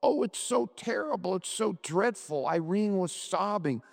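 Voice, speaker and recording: A man reads aloud as a distraught young housewife, tearful and pleading, her voice pushed high and pressed. There is a gravelly edge underneath. The sound rings with a long hall reverb. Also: expressive, unhurried, heavily acted. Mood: sobbing. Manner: pleading, breathless and pitched up. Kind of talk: dramatic reading of a short story.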